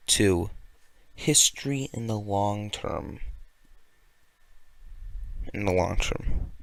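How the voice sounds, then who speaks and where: A young Californian man delivers a sarcastic, rambling rant as a video commentator. His voice sits lowish and creaky, with no echo in the recording.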